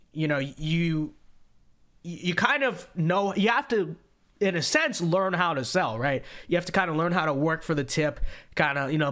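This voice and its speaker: A young man hosting a casual livestream, reading viewer donations aloud in an animated, joking way with frequent restarts. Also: on the high side. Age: young adult. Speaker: show host.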